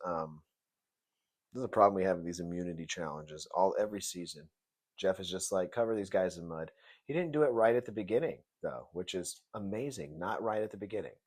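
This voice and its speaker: A man with a somewhat low voice talks through a TV episode review in loose, rambling commentary. He swears freely, jokes, and slips into mocking rants. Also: lively intonation, brisk. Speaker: TV show reviewer. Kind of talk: casual video review commentary.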